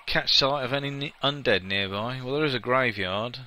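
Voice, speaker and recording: A man talks through a game he's playing, voice very bright and sharp-edged. He rambles casually, trades playful asides and gives his opinions freely, with a faint hiss of noise under him. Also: mid-range voice, normal speed, poor audio. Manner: chatty and opinionated, with frequent laughs and playful asides. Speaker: let's play gamer. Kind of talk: casual gameplay commentary.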